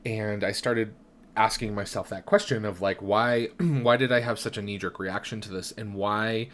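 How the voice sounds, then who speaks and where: This is a tarot channel's host, a young man with a lowish, slightly bright voice whose intonation stays fairly even at normal speed. He has hiccups as he chats reflectively on his live stream, often restarting sentences and checking in with "right?"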